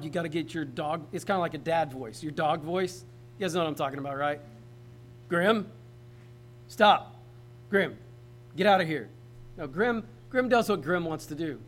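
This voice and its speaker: A man's voice: high-pitched, poor audio. A man preaching a sermon in a casual, conversational way, often asking the congregation questions. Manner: conversational, talks straight to the congregation. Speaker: pastor.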